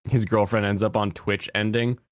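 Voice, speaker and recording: A man's voice: on the low side, level tone, moderate pace, dry recording, clean studio sound. A man in his thirties chatting casually as a streamer, rambling and giggly. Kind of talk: casual chat.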